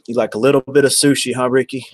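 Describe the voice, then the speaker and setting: A man's voice: mid-range voice, little pitch movement, quick pace, no echo. A man, chatting casually on a livestream and answering viewers by name in a rambling way. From Texas.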